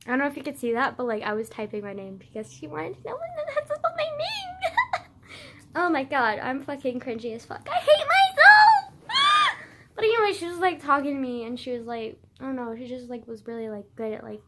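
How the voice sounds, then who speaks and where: A woman's voice: fairly high pitch, fast talker, hardly any pauses, heavy background noise. A young woman telling a personal story in a casual vlog, rambling with constant "like" and casual swearing.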